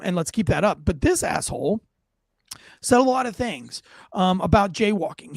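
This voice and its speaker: A middle-aged man hosting a casual commentary show, reacting to police footage in a blunt, profane, animated way. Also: high-pitched, dry recording, clean studio sound.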